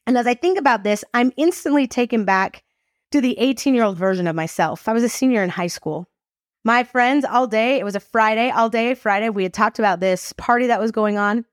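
A woman hosting a faith podcast, telling a personal story in a lively, expressive, casual way. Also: on the high side, a little fast, dry recording, clean studio sound. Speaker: podcast host. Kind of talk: faith-based storytelling talk.

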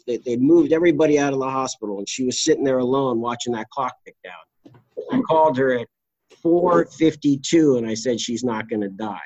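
A middle-aged man, a trial lawyer and interview guest, telling his case stories in a blunt, salty, animated way. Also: mid-range voice, no room sound, dull audio. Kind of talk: candid storytelling interview.

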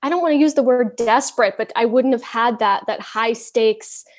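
A woman guest in a podcast interview, speaking in an earnest, candid way with halting restarts. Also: on the high side. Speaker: interview guest, wellness counselor. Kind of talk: casual interview chat.

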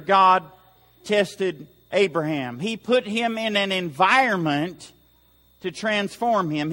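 A male pastor delivers a Sunday sermon with a high, ringing voice that swells for emphasis. His words carry a long reverberation through the church hall, and he mixes earnest exhortation with light humor. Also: pushed and bright. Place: church sanctuary.

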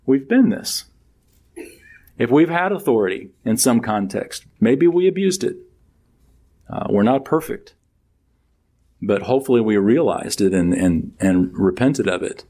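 A middle-aged man delivering a sermon from the pulpit. He talks through the text plainly, then lets his voice climb with strong emphasis on each key line. His pitch moves a lot, with an ordinary mid register. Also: a little mellow. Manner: conversational preaching that builds to emphatic, rising peaks. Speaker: pastor.

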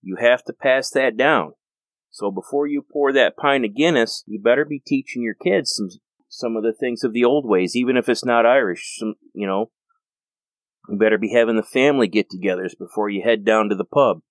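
Casual host monologue: an American man, low and earnest, rambling, dry close sound. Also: brisk, no room sound. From United States.

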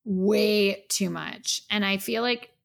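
A woman co-hosting a podcast, chatting casually and excitedly about her favorite pop stars. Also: medium pitch, creaky. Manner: excited, gushing, quick asides. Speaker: podcast co-host. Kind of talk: casual fan chat. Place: home in New York.

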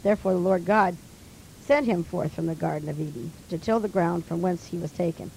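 Woman reading scripture, low gravelly voice, dark tone, faint background noise. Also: rough recording. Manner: slow, steady King James reading. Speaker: scripture reader.

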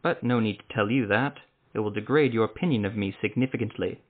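A man's voice: fairly low pitch, brisk, close to an everyday voice. Man reading as a wry sorcerer. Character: wry male sorcerer, middle-aged, guarded. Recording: tinny phone-like sound.

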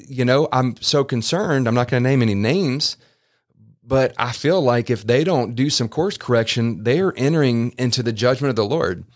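A man hosting a faith podcast, talking earnestly in a loose, rambling way with many restarts. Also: mid-range voice. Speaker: podcast host. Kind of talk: casual podcast preaching. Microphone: podcast microphone.

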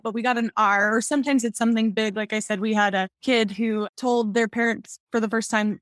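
A young woman, a pediatric speech-language pathologist, telling stories in a podcast interview in a chatty, animated way, laughing often. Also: on the high side, a little fast, few pauses, no room sound, clean studio sound.

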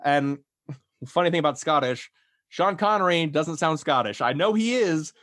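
A man's voice: fairly high pitch, lively intonation, moderate pace, a bit bright, no echo, clean studio sound. A young adult man, a voice actor, chatting casually in an interview in a self-effacing way. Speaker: voice actor and audiobook narrator.

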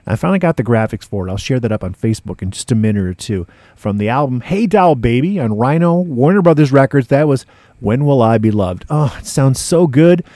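A man spinning records and chatting between songs with easygoing hipster patter. His voice sits in a middling pitch with a mellow, relaxed timbre. The sound is close and dry, like a studio mic. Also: fairly quick, no room sound. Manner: laid-back hipster slang, says "man" often. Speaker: radio DJ and podcast host. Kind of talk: casual music-show patter.

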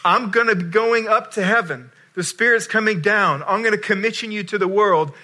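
Commanding teacher, urgent, put on by a male preacher; bright tone. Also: high-pitched, normal speed, voice pushed up.

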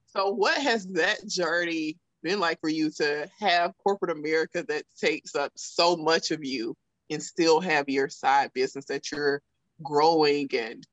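A woman's voice: low-pitched, measured pace, no echo, highs cut off. A woman with a thick Southern accent hosting a podcast interview, talking casually with lots of "like.". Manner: casual, frequent fillers like "like". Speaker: podcast host. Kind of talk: conversational interview.

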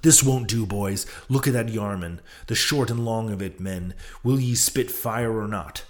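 A boisterous sea-dog of a mate, all bluster and loud coaxing, put on by a man reading a storybook aloud. The voice sits on the lower side, pushed up into hearty shouts. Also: a little slow, natural voice. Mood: rowdy urging. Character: rowdy boisterous male whaling mate. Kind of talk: audiobook character voice.

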